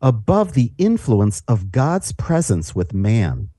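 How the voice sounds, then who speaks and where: Guy reading bible verses, lively pitch, dark warm tone, solemn. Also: takes it slowly, dry recording, clean studio sound. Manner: solemn, declaiming. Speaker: scripture reader. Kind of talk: dramatic scripture reading.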